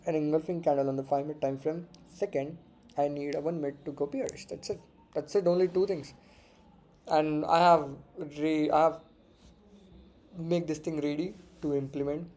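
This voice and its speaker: A man's voice: fairly high pitch, warm tone. A man giving casual live commentary while trading forex, muttering and repeating words to himself and swearing freely. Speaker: forex trader streaming live.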